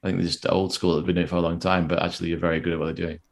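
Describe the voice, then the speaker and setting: A man's voice: low-pitched, level tone, rapid-fire, creaky. A man co-hosting a casual football podcast, chatty and self-deprecating, laughing often. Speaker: podcast co-host.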